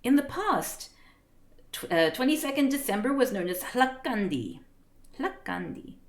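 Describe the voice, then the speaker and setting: A woman streamer reads a book aloud on a live stream with a lively pitch that rises and falls a lot. She keeps breaking into giggles and chatty asides and trips over unfamiliar words. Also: measured pace.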